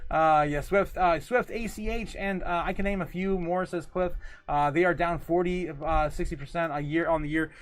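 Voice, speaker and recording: A man's voice: on the high side, moderate pace. A man hosting a casual livestream, rambling loosely, reading viewer comments aloud and laughing often between lines. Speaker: livestream host.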